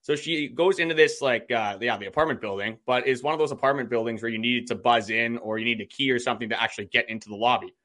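A man's voice: medium pitch, fast, hardly any pauses, sharp tone. A man co-hosting a podcast, telling a story in a chatty way full of "like" and quoted dialogue. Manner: chatty, many "like" fillers, quotes himself. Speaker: podcast co-host. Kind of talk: casual storytelling chat.

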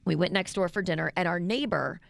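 Rambling woman radio co-host, gravelly. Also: lowish voice, brisk, dry recording. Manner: rambling storyteller, chatty. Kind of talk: casual radio banter.

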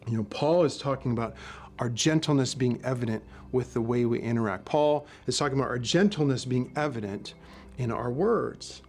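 A man's voice: medium pitch, moderate pace, darkish tone. Man preaching a conversational sermon. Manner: conversational storytelling with frequent restarts. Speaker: pastor and former police officer.

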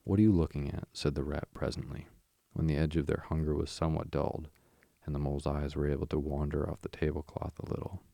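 Audiobook narrator, man, rumbling bass, flat and steady, gravelly, dry studio sound. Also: fast, no room sound.

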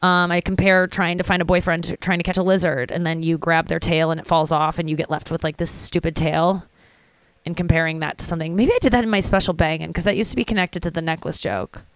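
A woman's voice: on the low side, fairly even intonation, quick pace, clear, resonant tone, dry recording. Rambling, profane young woman podcaster. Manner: rambling, profane, self-interrupting. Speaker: stand-up comedian and podcast host. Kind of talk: casual solo podcast monologue.

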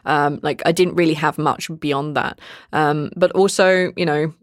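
A woman's voice: low-pitched, fairly even intonation, measured pace, dry recording, studio quality. A woman dungeon master in casual podcast chat, talking freely with many fillers and laughing asides.

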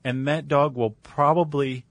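A man's voice: a little high, steady tone, a little slow, fairly bright tone, no echo. A man co-hosting a podcast, explaining things in a casual, wry, conversational way with fillers. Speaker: podcast co-host. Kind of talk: casual chat.

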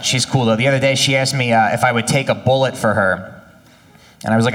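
A man doing a stand-up comedy set, telling deadpan one-liners and slipping into mock voices. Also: medium pitch, fast, far from the mic. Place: comedy club stage.

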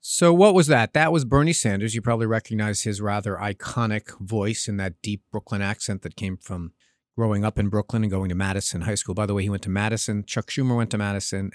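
A man's voice: on the low side, no echo, clean studio sound. A man hosting an opinion podcast, a former congressman, speaking emphatically and asking rhetorical questions. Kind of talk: opinion commentary.

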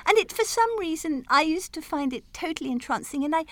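A woman chatting warmly about childhood rhymes and reading poems aloud, animated and laughing often. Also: high voice, brisk, hardly any pauses, no room sound. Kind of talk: casual chat and poem reading.

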